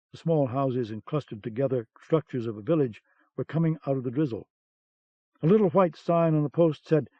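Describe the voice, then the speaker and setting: Guy reading a novel aloud, steady, dry close sound, muffled old tape. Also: medium pitch, a little fast, no room sound. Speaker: audiobook narrator. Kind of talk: scripted narration. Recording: dull cassette-era audiobook sound.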